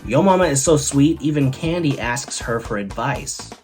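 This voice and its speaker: An upbeat man hosting a comedy show, reeling off one-liners and stories. His delivery swings a lot in pitch and stresses each punchline, and faint music plays behind him. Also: expressive, moderate pace, darkish tone. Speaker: host. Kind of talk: joke-telling comedy monologue.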